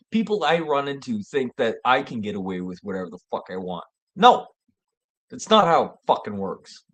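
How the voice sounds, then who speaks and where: A man's voice: medium pitch, big pitch swings, moderate pace. A man hosting his own show, rambling and joking with heavy swearing. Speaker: show host. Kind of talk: casual rambling monologue.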